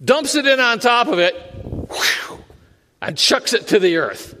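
A man's voice: very high voice, sing-song, a little slow, sharp tone, a little hiss or hum. A man preaching a sermon as a pastor, conversational and self-deprecating, often laughing at himself. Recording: long hall reverb.

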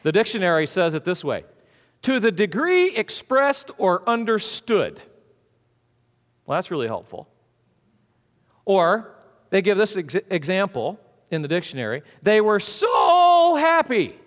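Man, sermon, high voice, animated delivery, long hall reverb. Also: a little slow, long pauses. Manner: animated preaching, swings from hushed to booming. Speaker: pastor.

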